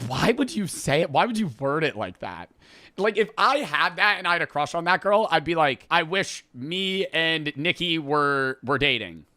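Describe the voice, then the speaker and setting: Brief: young male host, high-ish bright voice, very animated, crude and mocking, dry close sound. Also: no echo. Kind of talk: casual crude movie recap.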